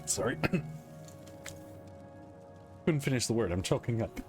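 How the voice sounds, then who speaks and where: A man's voice: medium pitch, expressive, measured pace, long pauses, a little mellow, faint music behind. A man casually commenting on a game as he plays it, laughing, swearing and talking back to the screen. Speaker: gamer playing a game for the first time.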